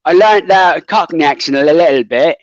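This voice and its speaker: A man's voice: fairly high pitch, brisk, no echo, highs cut off. A man from Bangladesh with a Bangladeshi accent, a guest chatting casually with many fillers and restarts over a video call. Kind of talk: casual chat.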